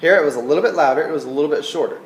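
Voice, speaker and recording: A man's voice: fairly high pitch, racing, reverberant, over loud music, low-quality recording. A man teaching a recorded flute lesson, patient and checking in with "okay?" as he explains. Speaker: band teacher.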